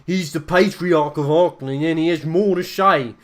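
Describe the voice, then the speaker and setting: A man voicing an angry male protester in a crowd, shouting defiantly. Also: fairly high pitch, normal speed, voice pushed up, lightly acted.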